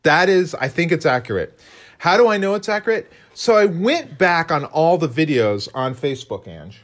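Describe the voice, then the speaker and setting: Animated and on the high side, this man speaks at a normal speed. As co-host and illustrator of a live painting stream, he keeps up a rambling, self-deprecating chat while he works.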